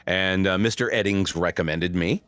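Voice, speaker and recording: A middle-aged male voice actor telling stories in a casual interview, snarky and animated. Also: low voice, normal speed, smooth, dry recording. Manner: storytelling, animated. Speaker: voice actor guest.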